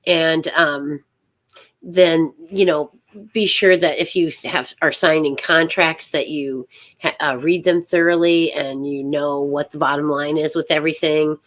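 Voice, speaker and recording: A middle-aged woman hosting a casual live tarot reading, rambling and halting, with many fillers and soft laughs. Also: sits low, fairly even intonation.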